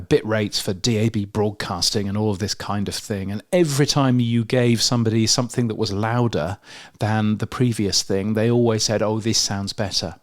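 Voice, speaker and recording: A man with a London accent co-hosting a podcast news show, talking through research with lots of ums and restarts. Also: on the low side. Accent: London English. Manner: hesitant, many fillers and restarts. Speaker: podcast co-host. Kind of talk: casual news chat.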